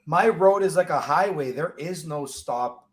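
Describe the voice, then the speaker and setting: A woman's voice: low-pitched, expressive, moderate pace, a crowd in the background. A woman chats casually on a show, often stumbling and restarting her sentences before she finds her words. Her manner is easygoing and conversational. She speaks in an everyday voice. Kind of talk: casual chat.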